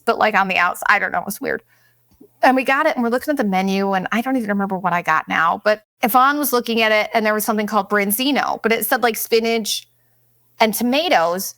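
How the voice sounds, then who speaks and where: A woman's voice: fairly high pitch, fast talker, fairly bright tone, no room sound, studio quality. A middle-aged woman telling candid, profane stories in a casual chat, often putting on voices to quote people. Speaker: vlogger. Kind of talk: casual storytelling monologue.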